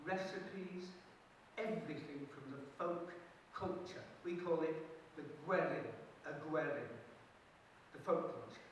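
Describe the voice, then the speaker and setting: Playful male storyteller, high voice, recorded from afar in a very echoey hall. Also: unhurried. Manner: lively, playful, chuckling asides. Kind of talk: live folk storytelling. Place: festival hall. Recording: echoey hall, distant mic, hiss.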